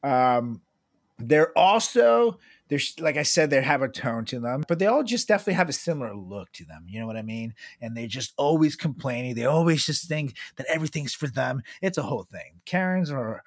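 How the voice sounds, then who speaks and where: A man's voice: medium pitch, very animated, a little fast, no room sound. A man co-hosting a casual comedic chat, laid-back and rambling with many fillers.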